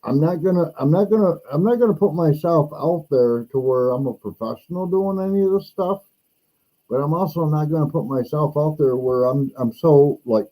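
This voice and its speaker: A man's voice: normal speed, poor audio. A middle-aged man hosting a casual chat, telling a rambling story and acting out the other people's lines. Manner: animated, acts out quoted voices higher; rambling with restarts. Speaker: podcast host.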